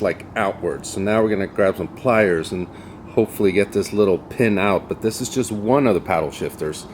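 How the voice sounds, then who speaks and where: Lowish-voiced man muttering through a DIY car job. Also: a little hiss or hum. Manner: chatty, mutters to himself, self-deprecating. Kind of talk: casual how-to narration while working.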